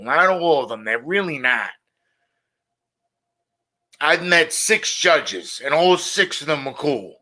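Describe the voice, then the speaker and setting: A man's voice: on the high side, sharp tone. A middle-aged man hosting a casual monologue show, blunt and opinionated, often repeating his points. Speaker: show host.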